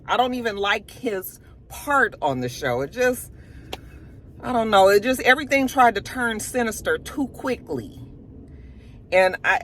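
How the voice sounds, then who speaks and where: Chatty woman with a lively voice. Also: medium pitch. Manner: chatty, animated, laughs often. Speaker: TV review vlogger. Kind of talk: casual chat. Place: home studio.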